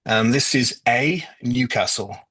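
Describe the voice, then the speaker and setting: A man from northwest England hosting a trivia quiz over a video call, going through the answers casually with frequent ums and pauses. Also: medium pitch, crowd noise, low-quality recording. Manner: hesitant, lots of ums. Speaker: quiz host.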